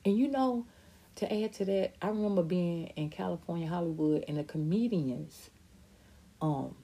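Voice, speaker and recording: Gravelly, husky-voiced woman podcast host. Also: lowish voice, moderate pace, dark tone. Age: middle-aged. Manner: candid and emphatic, imitating voices. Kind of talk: personal talk reading viewer comments.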